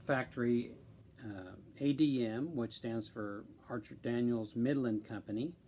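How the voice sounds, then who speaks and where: Male streamer, deliberate unhurried delivery, filler-heavy casual chat. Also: mid-range voice, a little mellow, slight background noise. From central Illinois, USA. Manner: slow, deliberate, with many ums. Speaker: live stream host.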